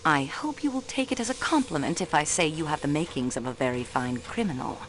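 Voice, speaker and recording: A low voice, animated and fairly quick, comes through with background noise. This is a young woman doing video game voice acting as a railway clerk acting as detective in a mystery game. Her character is a sharp young female sleuth, cool, poised and persistent, who probes with questions and drops in French phrases.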